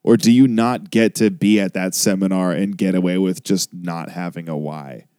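A man's voice: low-pitched, fairly even intonation, moderate pace, dark tone, smooth, no echo, studio quality. A man in casual podcast chat, asking wry, probing questions.

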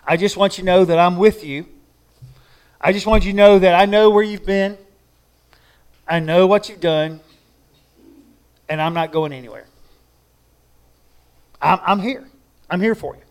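A preacher acting out Jesus as a grown man, speaking one to one in an earnest, personal way, plain-spoken and direct. The voice sits notably high for a man. It is a sermon illustration delivered as an intimate conversation rather than a grand pronouncement. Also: unhurried, pauses often, clean tone. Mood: tender. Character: imagined Jesus, adult man, speaking to a listener.

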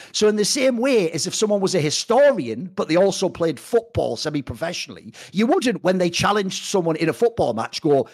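A high-pitched man rattles through an opinionated esports chat at breakneck speed. His voice swoops up and down as he curses and jabs at his targets, throwing "mate" at his co-host every few lines. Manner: profane, combative ranting. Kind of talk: opinionated casual discussion.

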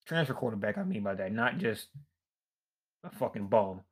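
A man's voice: on the low side, big pitch swings, moderate pace, slightly rough. A young man rambling in a tired, frustrated, profane rant, worn out and fatigued. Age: young adult. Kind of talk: casual rant.

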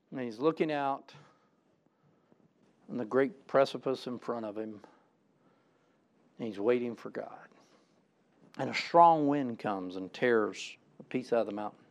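A middle-aged man preaching a sermon as pastor, emphatic and repeating words when stirred up. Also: mid-range voice.

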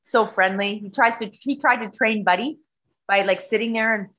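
A woman's voice: medium pitch, moderate pace, fairly bright tone, poor audio. A middle-aged woman telling a rambling, profane story in casual chat.

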